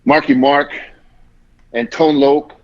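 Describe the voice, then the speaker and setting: A man's voice: fairly high pitch, steady tone, slow, vocal fry, highs cut off. Swearing man telling a rambling story. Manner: rambling, heavy swearing, acts out quotes. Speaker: podcast guest. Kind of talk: casual storytelling.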